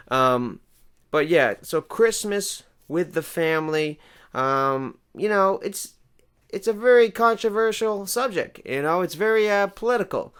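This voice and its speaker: Smooth-voiced man in a rambling comic monologue. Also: high voice, lively intonation, unhurried, fairly bright tone. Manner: rambling, self-important, playfully absurd. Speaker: comedy show host.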